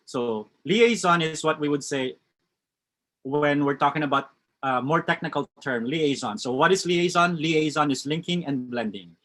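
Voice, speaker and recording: A man's voice: on the high side, normal speed, a bit bright. A man with a West Coast American accent teaching a live online English class, reading out chat answers and commenting on them.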